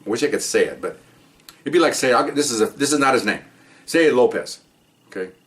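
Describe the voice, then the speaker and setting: A middle-aged man, a former police officer, telling his own stories in an animated monologue with sarcastic asides. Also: mid-range voice, fairly quick. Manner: animated, sarcastic asides, mimics people he quotes. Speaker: retired police officer, podcast host. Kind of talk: storytelling monologue.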